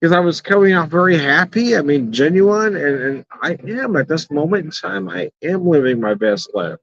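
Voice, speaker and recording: Middle-aged male vlogger, outspoken and profane, laughs a lot, lightly raised pitch, dull lo-fi audio. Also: expressive, normal speed, gravelly, no room sound. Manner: blunt and profane, chuckles often. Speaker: beer and whiskey reviewer. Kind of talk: casual rambling vlog. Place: outdoors in the evening. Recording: dull, slightly lo-fi and dry.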